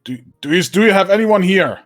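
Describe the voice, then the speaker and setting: A man in a tabletop game, speaking in character with hesitant, halting phrasing. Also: high voice, expressive, a bit bright, faint music behind. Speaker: player.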